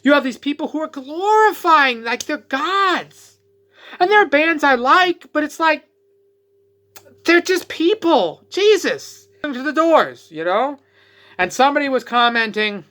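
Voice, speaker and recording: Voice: sits high, expressive, measured pace, bright, forceful tone. A vlogger ranting in a profane, sarcastic way, mocking other people in exaggerated voices. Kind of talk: ranting vlog.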